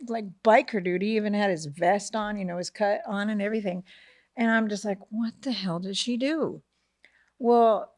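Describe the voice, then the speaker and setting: A middle-aged woman telling a family story in casual podcast chat, animated, acting out the voices of the people in it and often asking "right?". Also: mid-range voice, no room sound, clean studio sound. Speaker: podcast co-host, mother of the host.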